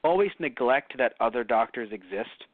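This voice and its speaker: A man co-hosting a casual review podcast, rambling and animated, cursing now and then. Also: mid-range voice, moderate pace, no echo. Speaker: podcast co-host. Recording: tinny phone-like audio.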